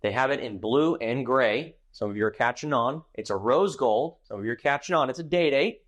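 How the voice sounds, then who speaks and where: A man's voice: mid-range voice, fairly quick, dull audio. A man from Texas hosting a casual product showcase as a watch dealer, chatty and enthusiastic as he rambles about a piece. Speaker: watch dealer and show host.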